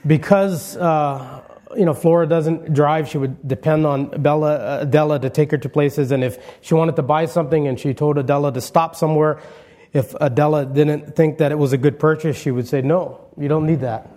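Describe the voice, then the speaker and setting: A male pastor giving a funeral eulogy sermon in a church, telling stories in a conversational way with gentle humor and frequent restarts. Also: on the high side, steady tone, moderate pace. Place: church sanctuary.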